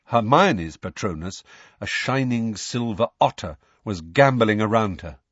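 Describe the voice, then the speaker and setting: A man reading an audiobook as narrator in an animated storytelling manner. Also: fairly low pitch, measured pace, slightly rough, no room sound. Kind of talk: scripted narration. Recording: dull lo-fi dry recording.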